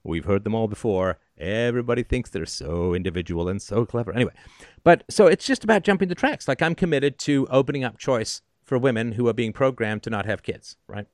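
A man's voice: medium pitch, lively intonation, a little fast, no room sound, studio quality. A man hosting a call-in show, giving advice in an emphatic, sardonic monologue and often asking "right?".

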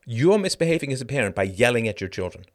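A middle-aged podcast host reads an article aloud on a live show, breaking off into sarcastic, emphatic commentary. He talks fast with big pitch swings, and his pitch climbs sharply whenever he gets indignant.

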